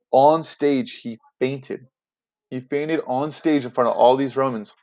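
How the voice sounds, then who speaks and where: A man teaching as he talks through a classic play, chatty and animated, paraphrasing in slangy everyday words with quick asides. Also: medium pitch, highs cut off. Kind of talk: casual classroom explainer.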